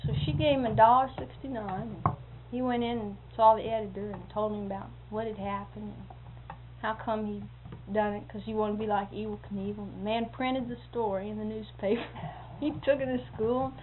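A woman's voice: medium pitch, steady tone, fairly quick. A woman telling folksy anecdotes in a rambling way, chuckling often. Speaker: storyteller. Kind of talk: folksy oral storytelling. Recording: tinny phone-like lo-fi tape with faint hiss.

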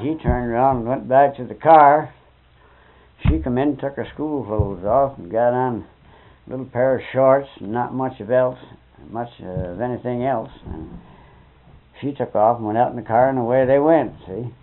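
A man's voice: mid-range voice, normal speed. An older man telling folksy, rambling anecdotes in a colloquial way, with mild oaths here and there. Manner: folksy, colloquial, swears mildly. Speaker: interviewee. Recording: tinny narrow-band old tape.

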